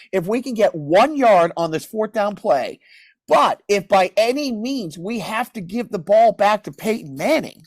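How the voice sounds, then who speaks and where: A man with a voice that sits high hosts a podcast, telling a long, rambling story in casual chat with many restarts. He's animated and acts out other people's lines. There's no room sound.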